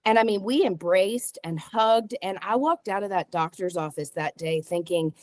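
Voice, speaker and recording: A woman psychic guest speaks with expressive, storytelling energy. She acts out the lines she quotes and often restarts her sentences. Her voice is recorded close and dry, with no room sound. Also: medium pitch, normal speed, hardly any pauses, no room sound. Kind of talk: animated storytelling in a talk show interview.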